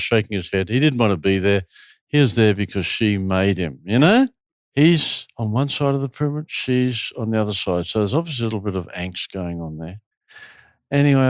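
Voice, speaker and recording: A man's voice: on the low side, no echo. A man who runs a retreat, telling a long story in an interview and acting out the people in it. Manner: animated storyteller, acts out quotes. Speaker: retreat host.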